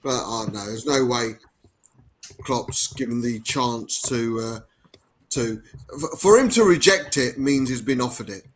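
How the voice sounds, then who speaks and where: A man speaking as a guest on a casual football podcast, emphatic but pausing on fillers. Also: medium pitch. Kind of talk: casual fan podcast chat.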